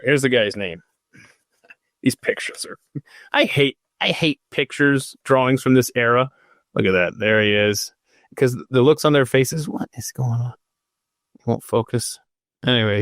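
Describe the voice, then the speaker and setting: A man's voice: mid-range voice, a bit bright, no echo, studio quality. A man hosting a podcast in an unscripted, casual way, drifting off topic into self-mocking asides while reading out history. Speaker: podcast host.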